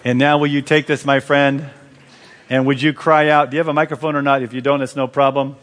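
A man's voice: mid-range voice, level tone, brisk, fairly bright tone. A man preaching a revival sermon in a large church, fervently calling out to and directing the congregation. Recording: long reverb of a large church.

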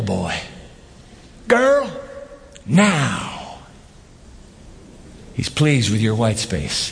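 A man preaching a sermon as pastor, animated, with rhetorical questions and emphatic repetition. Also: high voice, long reverb tail.

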